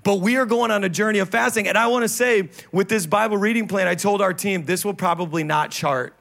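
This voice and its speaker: A male pastor preaching a sermon on stage, animated and playful, with sudden drops into low, quiet emphasis. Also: fairly quick, creaky. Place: church stage.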